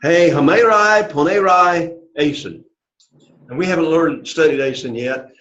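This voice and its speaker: A man leads a classroom lesson, patient and encouraging, heaping on praise. His voice sits a little high. The recording is dull and lo-fi, with a roomy echo. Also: unhurried, a bit bright. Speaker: Greek teacher. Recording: echoey room, dull lo-fi sound.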